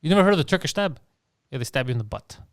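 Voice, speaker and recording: Fast-talking brash man, crisp and dry. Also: on the high side, expressive, no echo. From Greek family background. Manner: brash, teasing storyteller. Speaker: podcast co-host. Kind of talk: casual comedy podcast chat.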